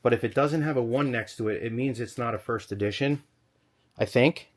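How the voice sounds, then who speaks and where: A man vlogging from a storage locker, rambling and thinking aloud in an excited stop-start way, a little out of breath. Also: mid-range voice, normal speed. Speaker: storage unit reseller. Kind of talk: excited unboxing vlog.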